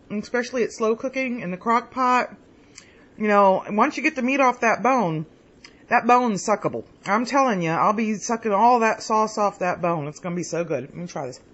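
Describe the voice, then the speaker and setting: A woman's voice: mid-range voice, fairly bright tone, highs cut off. A woman chatting casually in a home cooking vlog. She rambles as she tastes her food, with lots of pleased mm's. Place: home kitchen.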